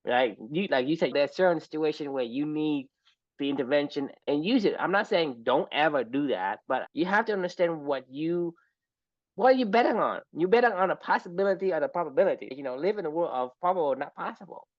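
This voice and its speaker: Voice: medium pitch, lively intonation, brisk, no echo, lo-fi sound. A podcast guest in casual chat, making an emphatic argument and often checking in with "right?". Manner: emphatic, talks through ideas with frequent "right?".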